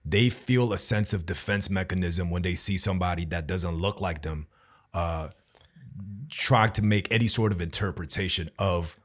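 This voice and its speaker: A man's voice: low-pitched, moderate pace, a bit bright. A man hosting a podcast, talking in a laid-back, slangy way in casual conversation. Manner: laid-back slangy talk with frequent laughs.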